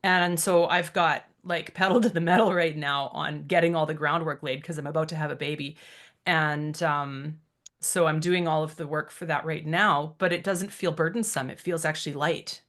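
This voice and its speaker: A woman's voice: deep voice, steady tone, normal speed, a bit bright. A woman in her thirties co-hosting a podcast, speaking reflectively and from the heart, with frequent ums. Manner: reflective, heartfelt, many fillers. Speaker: podcast co-host. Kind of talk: casual podcast chat.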